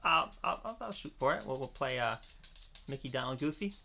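An easygoing man co-hosting a casual podcast, laughing often as he talks. His voice is bright and forward at a middle pitch. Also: lively intonation, brisk, vocal fry, faint music behind. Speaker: podcast co-host. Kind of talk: casual chat.

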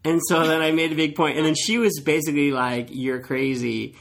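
A man as a podcast guest, chatting casually and telling animated stories, acting out what people said. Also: fairly high pitch, fairly quick, creaky. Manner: animated storyteller acting out quoted dialogue. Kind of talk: casual chat.

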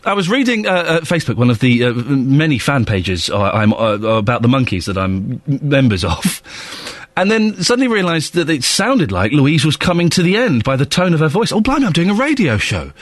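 A man's voice: medium pitch, big pitch swings, a little fast, no echo. A man in his thirties with a London accent, presenting a casual morning radio show with wry, self-mocking chat. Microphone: studio microphone.

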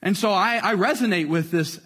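Male pastor, high voice, casual storytelling sermon with hushed dramatic moments, long reverb. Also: a little fast, breathy edge. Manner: storytelling, casual, dramatic drops to near-quiet.

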